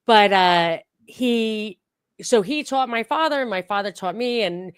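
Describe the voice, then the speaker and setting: A middle-aged woman hosting a podcast, telling stories in an animated, casual way with lots of filler words. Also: medium pitch, a little slow, smooth, dry recording, clean studio sound. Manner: animated storytelling with many "like" fillers. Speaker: podcast host. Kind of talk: casual conversational interview.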